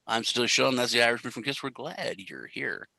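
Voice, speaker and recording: A young man from the US Central Time Zone hosts a casual crypto live stream, rambling and cracking jokes at his own expense. His mid-range voice has vocal fry and a pushed, bright quality, delivered at a moderate pace. The audio is poor but has no echo.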